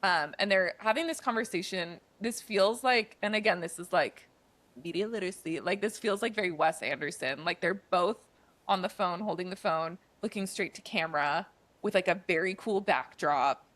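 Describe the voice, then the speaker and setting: A woman's voice: on the low side, moderate pace, a bit bright, dry recording. A woman co-hosting a podcast, casually retelling a movie's plot in a chatty way, with lots of "like" and "um" fillers. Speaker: podcast co-host.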